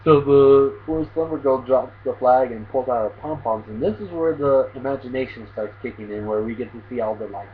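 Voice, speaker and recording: A man's voice: mid-range voice, brisk, few pauses. Man with tinny phone-like sound, rambling recap. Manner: rambling, filler-heavy retelling. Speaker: anime reviewer, channel host. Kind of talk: casual episode recap. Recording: tinny phone-like audio, faint hiss.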